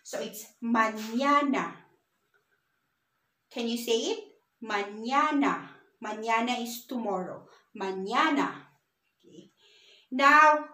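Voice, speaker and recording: A woman's voice: a little high, lively intonation, unhurried, pushed and bright, echoey room, rough recording. A woman teaching a beginner Spanish lesson, patiently spelling words out letter by letter.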